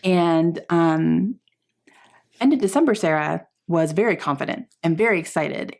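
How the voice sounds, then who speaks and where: A woman vlogger chatting casually to camera about books, often laughing and filling pauses with "um". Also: on the low side, animated, darkish tone. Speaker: book vlogger.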